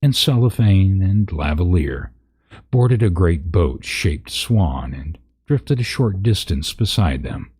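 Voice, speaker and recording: A man's voice: low voice, expressive, slow pace, darkish tone, breathy edge. A man reading a parody fantasy story aloud, breaking into laughs and profane asides.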